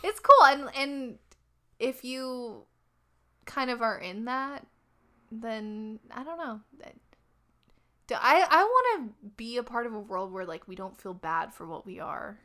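A woman in her thirties co-hosts a podcast in a gushing, giggly casual chat. Her voice is bright and forceful and sits a touch high. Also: expressive, slow. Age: 30s. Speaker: podcast co-host.

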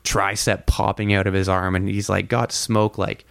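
Casual male storyteller, low gravelly voice, filler-heavy and profane, dry close-miked sound. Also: flat delivery, normal speed, fairly bright tone, no echo. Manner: rambling, heavy on "like" fillers, swears freely. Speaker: podcast guest telling a story.

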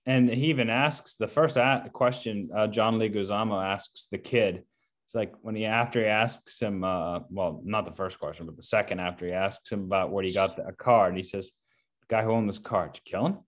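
A man in casual film discussion, animated and acting out quotes from scenes. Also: lowish voice, brisk. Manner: animated, acts out movie quotes. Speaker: co-host discussing films.

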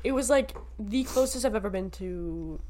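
A woman in her twenties co-hosting a podcast in casual chat, animated and laughing often, swearing freely. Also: mid-range voice, normal speed, a little hiss or hum. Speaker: podcast co-host.

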